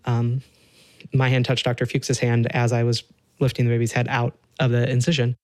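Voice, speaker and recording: A man's voice: mid-range voice, completely flat delivery, moderate pace, a little mellow, dry recording. A man, a surgeon, recounting an operation matter-of-factly in an interview. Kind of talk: interview recollection.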